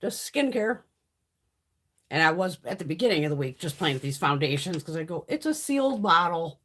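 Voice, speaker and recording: A woman's voice: lowish voice, sing-song, brisk, fairly bright tone, slight background noise. A woman hosting a beauty livestream from home, chatting casually in a blunt, profane way while sick. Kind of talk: casual live-stream chat.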